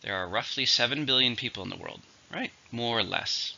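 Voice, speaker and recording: A man teaching an English vocabulary lesson, explaining words slowly and answering his own questions. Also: medium pitch, animated, gravelly, sharp tone, dull audio.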